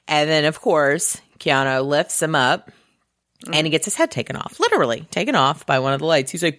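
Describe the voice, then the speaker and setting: A woman casually recapping a movie with a friend, animated and sarcastic, swearing freely. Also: low-pitched, brisk. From Houston area. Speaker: podcast co-host.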